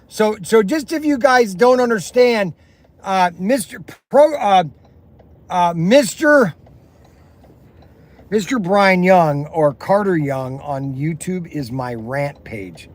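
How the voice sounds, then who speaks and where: Slow, high-voiced rambling man in a car. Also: animated. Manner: chatty, rambling, folksy exclamations. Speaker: vlogger. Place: inside a car on the road. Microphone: phone camera in the car. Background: faint road and vehicle noise.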